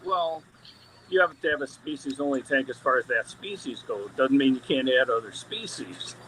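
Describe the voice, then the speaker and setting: Man, fish breeder, casual storytelling, rambling with restarts, mid pitch, video call from a fish room. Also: animated, moderate pace, fairly bright tone, slight background noise, rough recording. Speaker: fish breeder giving a tank tour. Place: indoor fish room among aquarium tanks. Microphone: camera mic on a live video call.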